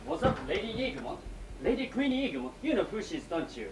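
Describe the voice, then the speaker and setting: A woman's voice: mid-range voice, sing-song, fast, darkish tone, a little hiss or hum. A woman playing a lovesick pleading young man. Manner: pleading, melodramatic. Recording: echoey hall, distant mic.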